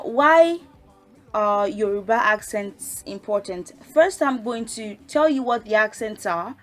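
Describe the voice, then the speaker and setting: A woman teaching a language lesson in a casual way, reciting letters one at a time and explaining with relaxed fillers. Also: medium pitch.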